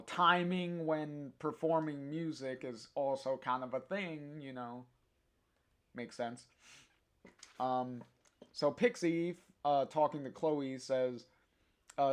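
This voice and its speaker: A man's voice: medium pitch, clean tone. A man reading a comic aloud with his own commentary, hesitant with many fillers. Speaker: comic reader.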